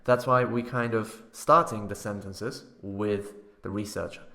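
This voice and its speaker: A man's voice: on the low side, steady tone, a little slow, creaky, bright, forceful tone. A man teaching academic writing in a recorded online course lecture, explaining step by step and often checking in with tag questions and fillers.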